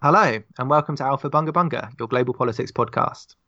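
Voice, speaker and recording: A man's voice: medium pitch, fast, lo-fi sound, noisy background. A man hosting a politics podcast in a loose, joking way. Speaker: podcast host. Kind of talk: casual panel chat.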